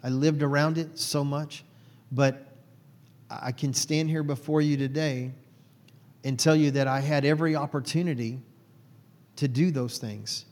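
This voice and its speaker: A man's voice: fairly high pitch, steady tone, measured pace, long pauses, a little mellow, long reverb tail. A man from Texas, a guest telling his personal faith story in an earnest, heartfelt way.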